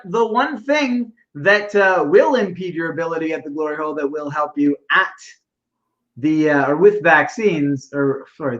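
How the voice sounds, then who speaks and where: A Canadian man chats on a podcast in a high, edgy voice, feeling his way through points with lots of pauses and fillers. His sound is dull and lo-fi, as if from a cheaper microphone. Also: fairly bright tone. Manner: halting, thinking aloud with many fillers. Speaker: podcast co-host. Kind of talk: casual chat.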